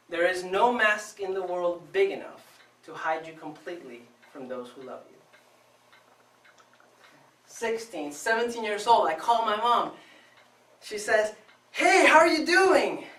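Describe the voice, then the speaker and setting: A man from Venezuela giving a prepared contest speech to a live audience, telling his story with expressive, dramatic pauses. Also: fairly high pitch. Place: club meeting room before a live audience. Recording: echoey room, distant mic, faint noise.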